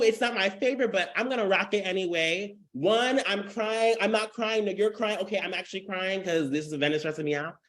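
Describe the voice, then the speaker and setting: Young male webinar host, high voice, peppy and chatty with viewers. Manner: energetic, hypes the audience with "y'all" and "come on". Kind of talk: lively webinar hosting.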